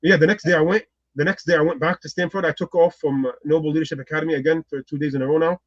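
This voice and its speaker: A man with a slightly high, husky voice rattles through a personal story at speed and acts out everyone in it. The sound is dry and a little muffled. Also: racing, dry recording. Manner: lively, acts out the people in his story. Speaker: guest.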